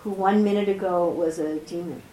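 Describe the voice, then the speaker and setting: A woman teaching a scripture class slowly and deliberately, repeating key phrases, speaking softly because of a sore throat. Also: fairly low pitch, fairly even intonation, echoey room, low-quality recording. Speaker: spiritual teacher.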